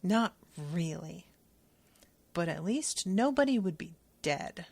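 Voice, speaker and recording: A woman's voice: fairly low pitch, lively intonation, slow, creaky, darkish tone. A woman podcast host recapping and reading from a book in a candid, casual way, swearing freely as she retells it.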